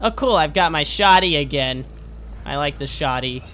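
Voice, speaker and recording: A man's voice: on the high side, moderate pace, pushed and bright, slight background noise. A young man in his late teens giving jokey, rambling commentary while playing a game, often gasping and laughing. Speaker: gaming YouTuber. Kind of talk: let's play commentary.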